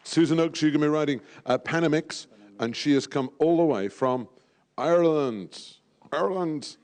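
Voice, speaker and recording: A man's voice: fairly high pitch, normal speed, a little mellow. A man emceeing a live event, jovial and teasing, sprinkling in French phrases. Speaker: event host at a draw.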